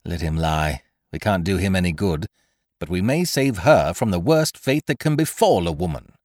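A man's voice: sits low, moderate pace, no echo, studio quality, voice pushed down. A man doing a frantic, hot-tempered rescuer. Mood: grim. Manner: excited, crying out. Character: desperate, hot-tempered male rescuer in disguise.

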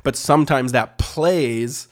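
A man's voice: medium pitch, slow. A man in his thirties co-hosting a podcast with his wife, talking bluntly and directly, often restarting his sentences. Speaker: podcast co-host. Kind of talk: casual conversation. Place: quiet room with cameras and lights.

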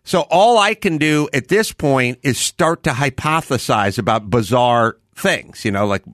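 A man's voice: mid-range voice, expressive, a little slow, fairly bright tone, no room sound, studio quality. A middle-aged man hosting a podcast, telling a story in casual chat and acting out exasperated quotes. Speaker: podcast host.

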